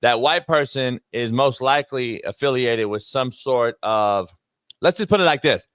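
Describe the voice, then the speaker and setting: A man's voice: medium pitch, normal speed, fairly bright tone, smooth, no echo, studio quality. A man co-hosting a sports talk show, ranting heatedly and swearing often in casual chat.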